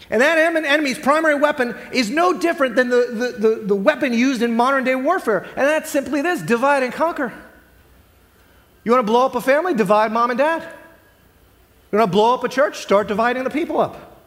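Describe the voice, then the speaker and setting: A man with a high voice delivers a sermon as a pastor. His preaching is earnest and conversational, full of rhetorical questions put to the congregation. His voice rings out with the long reverb of a large church hall.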